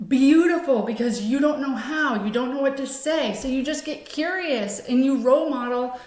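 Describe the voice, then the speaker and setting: A woman hosting a show who explains an approach in an earnest way and acts out example phrases in a gentle voice. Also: high voice, moderate pace, echoey room. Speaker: host. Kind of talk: explanatory talk.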